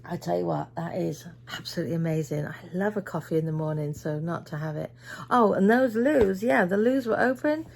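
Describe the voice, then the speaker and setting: Brief: middle-aged woman, weary and chatty, slightly low voice with gravelly fry. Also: fairly quick, a little mellow. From Britain. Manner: chatty storyteller, acts out quoted voices. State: tired. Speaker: vlogger. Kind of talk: casual end-of-day vlog chat.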